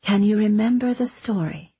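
A woman narrator voicing a gentle, scheming woman who speaks in a soft, coaxing, lulling way. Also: medium pitch, moderate pace, husky, no room sound.

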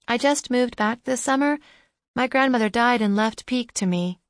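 A woman's voice: on the high side, normal speed, no echo, clean studio sound, pitched above the performer's own voice, lightly acted. A woman voicing a determined young woman who keeps pressing with insistent questions.

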